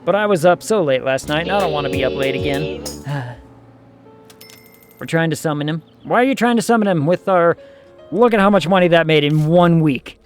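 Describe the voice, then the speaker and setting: A man's voice: on the high side, a little fast, faint music behind. A man streaming a management game, chatting casually and thinking aloud as he plays.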